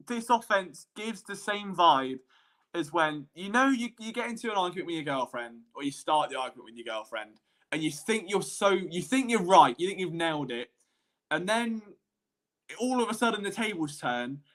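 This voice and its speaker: A man hosting a live-streamed sports podcast, talking in a rambling, animated, self-deprecating way as he works through his analysis. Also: sits high.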